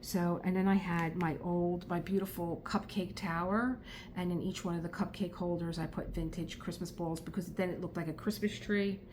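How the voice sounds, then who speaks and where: Middle-aged woman, South Philly accent, lower register, chatty and digressive, a crafting vlog host. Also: steady tone, moderate pace, background noise. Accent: South Philadelphia. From Philadelphia, USA. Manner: rambling, chatty, laughs often. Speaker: crafting vlogger. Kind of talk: casual chat while crafting.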